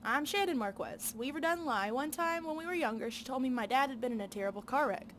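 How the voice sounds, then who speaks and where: A woman voicing an earnest backwoods woman with a soft Southern drawl, reading game dialogue aloud. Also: high-pitched, lively intonation, quick pace, slight background noise.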